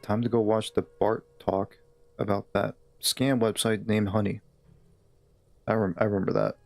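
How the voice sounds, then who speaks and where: A man's voice: on the low side, little pitch movement, normal speed, vocal fry, no echo. A man live-streaming a game, chatting in a laid-back, easygoing way with his viewers. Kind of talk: casual live-stream chat.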